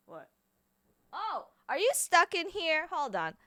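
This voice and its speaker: A woman's voice: very high-pitched, fairly bright tone. A young woman livestreaming in casual chat, rambling, swearing and stumbling over her words. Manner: rambling, swearing, quick self-corrections.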